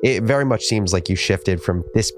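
Male host, lowish voice, measured and earnest, mixes questions with scripted narration. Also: slight background noise. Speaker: podcast host and interviewer.

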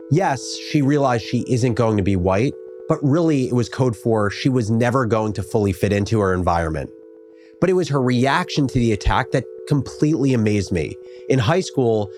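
Low-pitched man, measured interviewer. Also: a little mellow. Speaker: podcast host and interviewer. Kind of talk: interview questions and scripted narration.

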